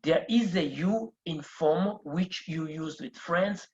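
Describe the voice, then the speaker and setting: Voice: mid-range voice, slow pace. Patient teacher spelling words out, roomy dull sound. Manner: repeats phrases and spells words out letter by letter; patient, explaining step by step. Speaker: Spanish teacher. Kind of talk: beginner language lesson at a board. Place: room with a teaching board.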